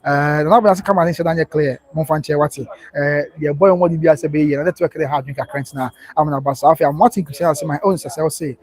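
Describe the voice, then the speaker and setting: A man's voice: on the high side, fairly even intonation, fast talker, few pauses, a little mellow. A man with a Ghanaian accent hosting a live stream in a casual way, reading out viewers' comments and thanking them.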